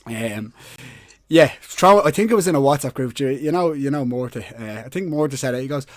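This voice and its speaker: A man's voice: medium pitch, brisk, no room sound, studio quality. A man hosting a podcast in a loose, slangy way, swearing and laughing as he sets up questions. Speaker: podcast host. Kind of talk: casual interview.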